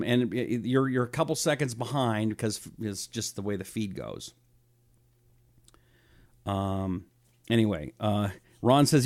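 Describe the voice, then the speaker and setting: A middle-aged man hosting a live talk show, rambling casually and reading out viewer comments. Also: medium pitch.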